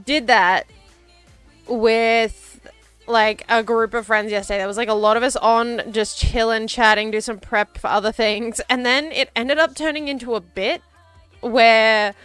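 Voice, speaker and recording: A woman's voice: on the high side, bright, forceful tone, smooth, dry recording. A young woman streamer chatting casually, rambling and giggling, with lots of fillers, over faint background music. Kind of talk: casual chat.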